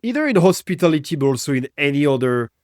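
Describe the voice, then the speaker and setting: A man's voice: fairly high pitch, big pitch swings, quick pace, darkish tone, no echo, studio quality. A man hosting a business podcast, reflecting on customer perspective and posing thoughtful questions to his guest. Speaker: podcast host. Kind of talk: interview podcast.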